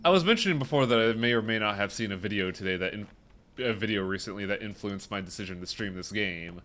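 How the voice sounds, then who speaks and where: Deadpan low-voiced man streaming a game. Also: quick pace, a little hiss or hum. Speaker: streamer playing a video game. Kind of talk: casual live-stream chat.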